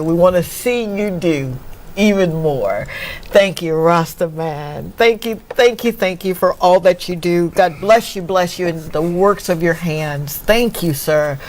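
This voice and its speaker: A woman talk show host, emotional and laughing often as she closes her show. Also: lowish voice. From Mississippi, United States. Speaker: podcast host.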